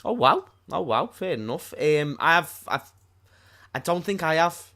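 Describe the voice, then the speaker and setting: A man's voice: on the high side, expressive, a little slow, sharp tone. A man co-hosting a casual live stream from his own small studio, laid-back and slangy, swearing casually. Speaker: stream co-host.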